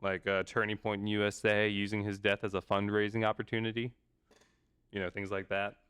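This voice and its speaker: A man's voice: lowish voice, completely flat delivery, fairly quick, fairly bright tone, clean tone. A man on a casual live stream at home, playfully chatting with his dog and reading aloud into a desk microphone, laughing often.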